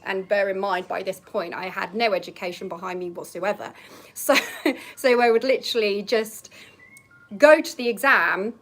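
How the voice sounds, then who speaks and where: A woman's voice: mid-range voice, fairly bright tone. A young woman from Norfolk chatting casually outdoors on a balcony, telling a story and often laughing as she acts out remembered lines. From England, Norfolk. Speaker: vlogger.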